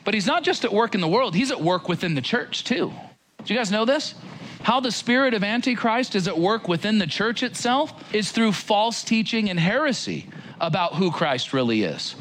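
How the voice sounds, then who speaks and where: A man's voice: high-pitched, moderate pace, a little hiss or hum. A man teaching from the Bible in a casual sermon style, talking straight to his listeners in a conversational way. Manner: animated, conversational, addresses listeners directly.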